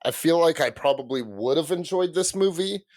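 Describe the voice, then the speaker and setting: A young man co-hosting a casual podcast chat, goofy and animated, sometimes stumbling over how to start. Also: a little high, normal speed, dry recording. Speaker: podcast co-host.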